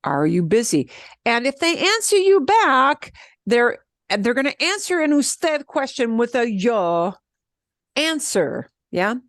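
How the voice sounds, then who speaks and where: A woman teaching a beginner Spanish class, explaining step by step in an animated way and laughing often. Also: a little high, slow, no room sound, studio quality. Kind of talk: beginner language lesson.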